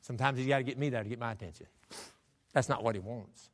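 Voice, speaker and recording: A man's voice: medium pitch, quick pace. A male pastor preaching a fervent sermon in a church, calling on the congregation to answer back. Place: church sanctuary. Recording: echoey church sanctuary.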